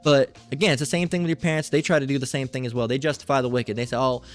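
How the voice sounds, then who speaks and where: A man preaching an informal sermon in a mid-range voice, blunt and often profane. He keeps circling back with "all right" and "okay" as he makes his points. Faint music sits low in the background. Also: racing.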